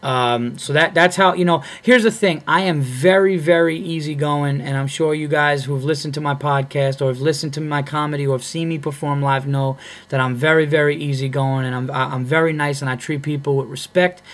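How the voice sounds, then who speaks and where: A man's voice: a little high, fairly even intonation, a little fast, hardly any pauses, fairly bright tone. A man who is a comedian and podcast host, telling a story in a blunt, profane, heated way. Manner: blunt and profane, heated when retelling a fight.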